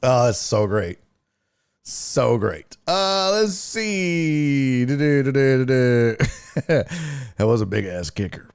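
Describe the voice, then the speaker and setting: A man's voice: mid-range voice, very animated, drawn-out words, gravelly, clear, resonant tone. A man hosting a sports talk stream, swearing and laughing as he reacts to game clips. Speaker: sports show host.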